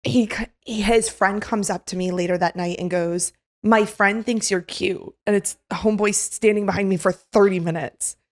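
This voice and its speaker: A young woman co-hosting a podcast, telling a story in a casual chat, animated, acting out quotes, with lots of "like". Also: medium pitch, moderate pace, few pauses. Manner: animated, acts out quotes, filler "like". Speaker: podcast co-host.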